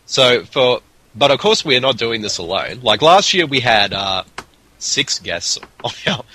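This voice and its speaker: Husky-voiced Australian man hosting. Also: medium pitch, lively intonation, a little slow, sharp tone, rough recording. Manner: rambling, with many restarts and fillers. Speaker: podcast host. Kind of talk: casual podcast chat.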